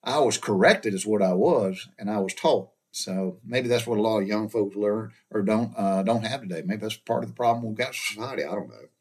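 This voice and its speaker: A man's voice: fairly low pitch, a little fast, few pauses, a little mellow, husky. A middle-aged man with a Southern American accent, telling a childhood story in a folksy, rambling way, often repeating and restarting his words. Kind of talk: casual personal storytelling.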